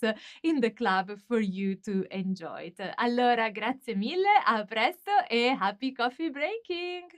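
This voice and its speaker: A woman's voice: on the high side, fairly bright tone. A woman teaching a language lesson, patiently explaining each sentence. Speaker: Italian teacher.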